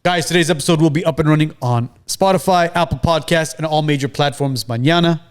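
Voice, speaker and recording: A man's voice: fairly high pitch, fairly quick, clear, resonant tone. A man hosting a podcast, chatty and talking straight to his listeners. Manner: chatty, direct address to listeners. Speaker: podcast host. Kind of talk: casual podcast conversation.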